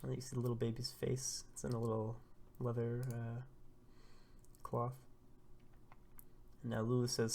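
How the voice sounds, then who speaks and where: A man hosting a casual manga read-through, excitable and laughing as he retells the chapter. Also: mid-range voice, normal speed, creaky, long pauses.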